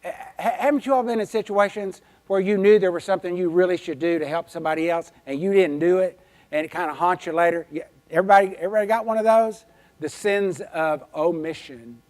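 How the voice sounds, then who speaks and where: Folksy, animated man telling stories. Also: high voice, a little fast. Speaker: keynote speaker. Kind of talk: storytelling conference keynote. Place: conference hall.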